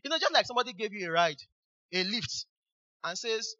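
A high, very bright male preacher, exclaiming hallelujah over and over between verses. His voice is sharp and piercing, and the recording is dull and lo-fi. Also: expressive, fast. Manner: exclamatory, repeats hallelujah, fervent. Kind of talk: sermon.

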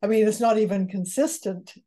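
Brief: older woman, warm dark tone, easygoing storyteller in an interview. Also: mid-range voice, a little fast. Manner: storytelling, chuckles at her own jokes. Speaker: genealogist guest. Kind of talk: conversational interview.

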